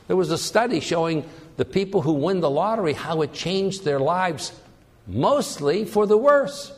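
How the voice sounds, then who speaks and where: A man teaching a Bible passage in a conversational sermon, acting out the people's complaints with lively emphasis. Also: sits high, normal speed, big-room sound. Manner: animated, acts out the people's complaints. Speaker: preacher.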